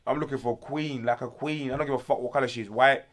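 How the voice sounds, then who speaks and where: A young man from Congo, ranting loudly with profane slang as a guest in a casual interview. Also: mid-range voice, steady tone, fast.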